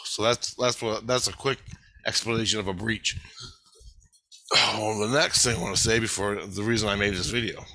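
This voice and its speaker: A man's voice: on the low side, dry recording. A man rambling to the camera in a loose monologue, swearing constantly and often laughing. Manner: profane, rambling, excitable; laughs often while talking.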